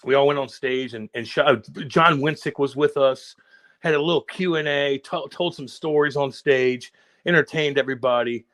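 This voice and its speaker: A man's voice: mid-range voice, normal speed, dry recording. A man co-hosting a podcast, telling a rowdy story in casual, profane chat. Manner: profane, animated storytelling with acted quotes. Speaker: podcast co-host.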